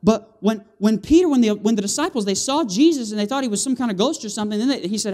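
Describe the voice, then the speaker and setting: In a church sanctuary, a guest preacher with a high-pitched voice and quick pace delivers a lively evangelistic sermon. Animated throughout, he draws amens from the congregation in call-and-response and dramatizes scenes with sound effects.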